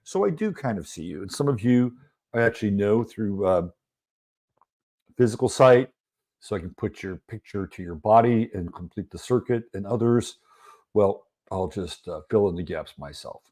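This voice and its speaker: A man's voice: lowish voice, a little mellow. A man hosting a casual livestream, chatting loosely and greeting viewers in the chat one by one. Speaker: livestream host.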